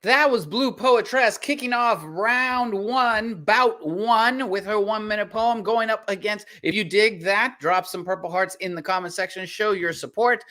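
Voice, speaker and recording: A host running a virtual poetry slam over a video call, energetic and hyping up the audience. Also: mid-range voice, a little slow, hardly any pauses. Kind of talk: live-stream hosting.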